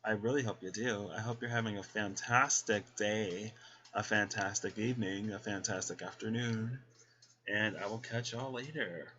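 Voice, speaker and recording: A man's voice: fairly low pitch, steady tone, moderate pace, bright, forceful tone, muffled recording. A man giving a casual, chatty tarot reading to his viewers. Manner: chatty, folksy, talks to viewers as y'all. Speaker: tarot reader.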